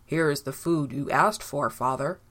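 A woman voicing an angry young hunter who speaks gruffly and bitterly. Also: low-pitched, moderate pace, fairly bright tone. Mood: plain. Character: angry young man, rough hunter son.

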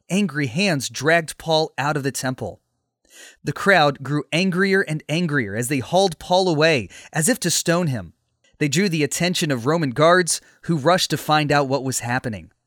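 A man narrating a scripted story in a steady, measured way. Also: on the high side, dry recording, clean studio sound.

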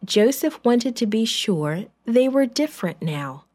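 A woman narrating a Bible story in a measured, clear scripted reading. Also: on the high side, very animated, a little mellow.

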